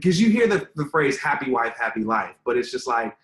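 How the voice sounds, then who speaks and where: A man at middle pitch talks through his answers earnestly, circling back with lots of fillers as he works toward his point. His voice carries a noticeable room echo, as if recorded in an open space. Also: sing-song, fairly quick, a bit bright. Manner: earnest, rambling, many fillers. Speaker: relationship content creator, guest. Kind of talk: casual interview answers. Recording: roomy echo.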